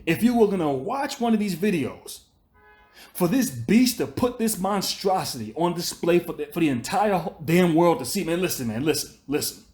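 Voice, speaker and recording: A man's voice: sits high, sing-song, normal speed, darkish tone, faint music behind. A man hosting a commentary channel, delivering a profane, scolding rant that circles back on itself and repeats his points. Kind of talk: ranting commentary monologue.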